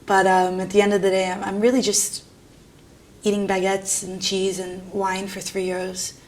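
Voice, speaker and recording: A woman's voice: medium pitch, monotone, moderate pace. Young irreverent New woman. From New York. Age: young adult. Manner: irreverent, self-mocking, laughs often, swears casually. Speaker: art student. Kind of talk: candid documentary interview.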